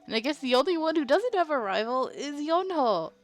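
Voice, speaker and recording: A woman's voice: sits high, sing-song, fairly quick, no echo. Chatty woman streamer reading game text. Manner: chatty, playful, reacts to chat. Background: faint game music.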